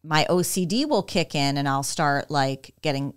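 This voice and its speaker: Deep-voiced woman podcast co-host. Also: normal speed, smooth, no room sound, clean studio sound. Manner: earnest, animated storytelling with repeated words. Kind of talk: candid conversational podcast talk.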